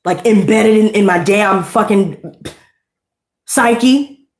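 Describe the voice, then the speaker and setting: A woman's voice: medium pitch, takes it slowly, roomy sound. A woman giving a tarot reading, ranting bluntly and heatedly with lots of profanity. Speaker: tarot reader. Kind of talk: unscripted tarot reading rant.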